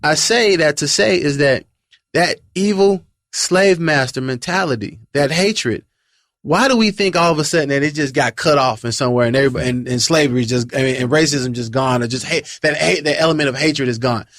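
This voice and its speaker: A man's voice: a little high, fairly quick, a bit bright, dry recording, clean studio sound. A man in a casual group discussion, speaking emphatically and repeating phrases for stress. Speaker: discussion panelist.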